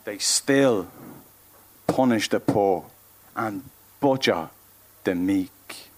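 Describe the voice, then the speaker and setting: A man with a Dublin accent performing spoken-word poetry live on a club stage, with a rhythmic, emphatic delivery that swings between loud and hushed. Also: on the low side, extremely slow. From Ireland. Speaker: performance poet.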